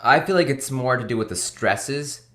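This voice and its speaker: A man's voice: medium pitch, normal speed, fairly bright tone. Hesitant teenage male voice student. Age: teens. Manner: hesitant, searching for words. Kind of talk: masterclass talk.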